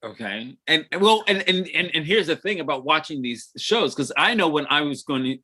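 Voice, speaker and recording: A man's voice: on the high side, expressive, normal speed, pushed and bright, slightly rough. A man chatting casually on a livestream, rambling with many restarts and frequent laughs. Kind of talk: casual chat.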